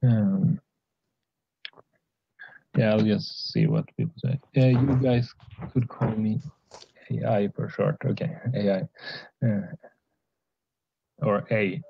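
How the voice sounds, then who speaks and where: Male stream host, gravelly and low, halting delivery, dry dull lo-fi call audio. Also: expressive, no echo. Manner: halting, lots of fillers. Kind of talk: casual livestream chat. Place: online voice call.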